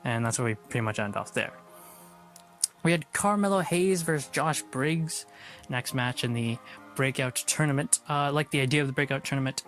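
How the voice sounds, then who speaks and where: A man casually recapping a wrestling show, blunt, opinionated and quick to swear. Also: fairly high pitch, fairly bright tone.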